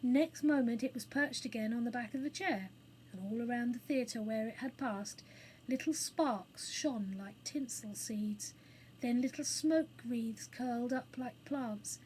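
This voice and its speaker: A woman reading a children's book aloud as storyteller, in a clear, expressive manner. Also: fairly high pitch, a little slow, a little hiss or hum, low-quality recording.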